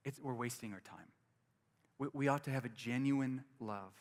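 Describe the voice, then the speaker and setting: A man's voice: medium pitch, moderate pace, in a large hall. A man preaching a sermon as pastor, earnest and repetitive, often restarting his phrases.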